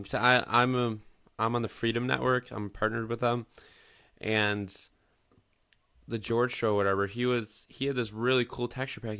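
A man's voice: lowish voice, fairly bright tone. A man giving casual let's-play commentary over a building game, rambling, swearing freely and poking fun at himself. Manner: rambling, profane, self-mocking. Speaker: gaming video host.

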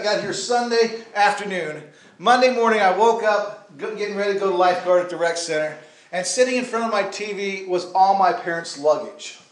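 A pastor with a fairly high voice delivers a sermon, talking casually and throwing asides to his listeners. He speaks into a mic in a church, and the room is echoey. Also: a bit bright. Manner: conversational preaching with asides to the congregation. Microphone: handheld or stand mic.

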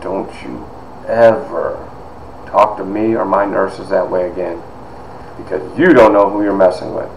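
Stern middle-aged head nurse, quoted by a man, firm low scolding in an echoey room. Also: a little slow, vocal fry, slight background noise.

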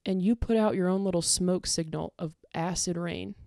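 Angry swearing woman, low dry voice. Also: fairly even intonation, normal speed, dark tone, no echo. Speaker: content creator. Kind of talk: ranting monologue to camera.

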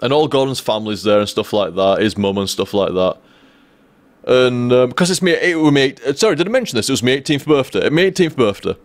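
A man's voice: mid-range voice, animated, fairly quick, no room sound. A young man telling a long, rambling story to his live stream viewers, swearing freely and restarting his sentences. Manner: rambling, profane, restarts often.

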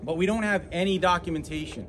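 A man with a Boston accent leading an outdoor walking tour, explaining sites in an animated, persuasive way. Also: sits high, fast. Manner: animated, persuasive, points things out on site. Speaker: tour guide and host. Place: outdoors at an ancient site. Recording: outdoor traffic noise behind.

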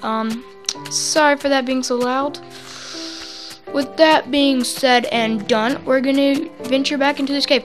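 Bubbly woman rambling over gameplay, high voice, goofy and hyper. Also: steady tone, unhurried, music in the background, crowd noise. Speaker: gaming channel host. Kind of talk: casual gameplay commentary. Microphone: desk mic close to the mouth.

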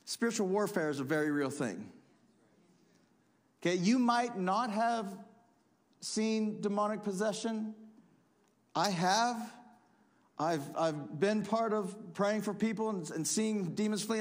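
A man preaching a sermon as pastor, emphatic, swinging between loud punchy lines and quiet asides. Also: high voice. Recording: long hall reverb.

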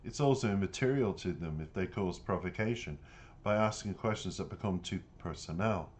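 A man's voice: low-pitched, normal speed, lightly acted. A man reading the lines of a stern, proud older woman who heads a family, speaking sharply and haughtily. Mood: instructive.

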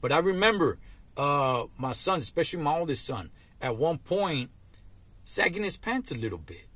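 A man's voice: on the high side, big pitch swings, normal speed, fairly bright tone, dry recording. A middle-aged man, vlogging casually about his views, peppering his talk with "man," "dog" and "homie.". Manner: laid-back street slang, frequent "man" and "dog". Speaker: trucker vlogger. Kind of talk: casual monologue to camera.

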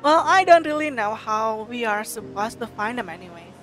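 A woman's voice: a little high, lively intonation, moderate pace, a bit bright, faint music behind. A woman reading the lines of an anxious, earnest young woman in a game.

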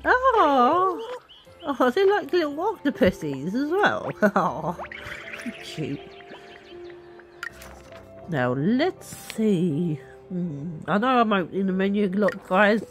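A woman streaming a video game, chatting to her viewers in an excitable, playful way. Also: medium pitch, slow, long pauses, faint music behind. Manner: excitable, talks to viewers, squeals and laughs. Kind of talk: casual let's-play commentary.

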